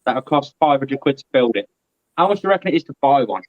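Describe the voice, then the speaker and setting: A man's voice: mid-range voice, big pitch swings, fast, no room sound, lo-fi sound. A man chatting casually and animatedly on a live stream over a video call. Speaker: guest.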